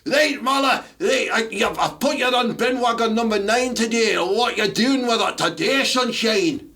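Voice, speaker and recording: A man voicing a gruff Scottish boss of a bin crew, barking orders. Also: very high-pitched, moderate pace, sharp tone, voice pushed up, heavily acted. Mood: bossy. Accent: Scottish, put on.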